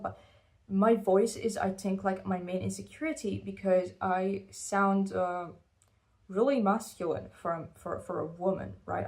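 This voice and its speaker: A woman talking casually about her music, rambling and swearing, with many restarts, and slightly out of breath from holding her voice above its natural pitch. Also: darkish tone. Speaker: musician discussing her own songs. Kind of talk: casual self-interview monologue.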